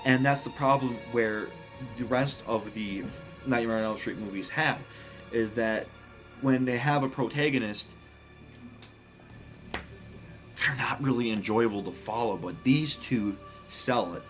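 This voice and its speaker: A man casually ranking horror films, speaking bluntly, swearing often and getting excited about what he likes. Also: fairly low pitch. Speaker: movie reviewer. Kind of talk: casual film ranking monologue.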